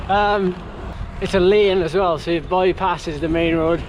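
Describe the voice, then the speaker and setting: Chatty high-voiced man vlogging on a ride. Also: fairly even intonation, a little slow, noisy background. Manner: chatty, rambling with many fillers. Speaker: cyclist vlogger. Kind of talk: casual vlog to camera. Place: outdoors on a road ride. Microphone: handheld camera outdoors.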